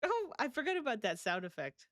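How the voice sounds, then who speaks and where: A woman's voice: high-pitched, very animated, a little fast, heavy background noise. A woman streaming a life-sim game, chatting casually and laughing often as she answers her chat. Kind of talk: casual live-stream chat while playing.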